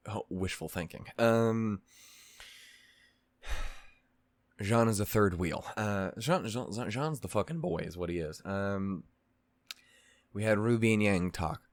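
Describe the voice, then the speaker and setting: A man's voice: sits low, dry recording. A man hosting a reaction channel, casually recapping a show in a rambling way, with lots of fillers, restarts and swearing.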